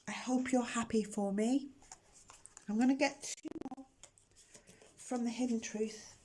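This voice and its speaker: This tarot reader and channel host speaks in a fairly high, steady, slightly mellow voice at a measured pace, with a little hiss or hum. Recorded indoors on a camera mic, she gives a casual reading, chatting emotionally and straight to her viewers.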